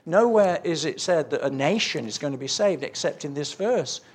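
A man's voice: a little high, lively intonation, moderate pace, husky. A man preaching a sermon, earnestly telling stories with quoted dialogue and reading scripture aloud.

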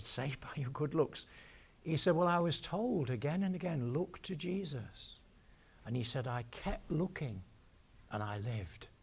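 A man preaching a sermon, telling stories and slowing down to stress key words. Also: on the high side.

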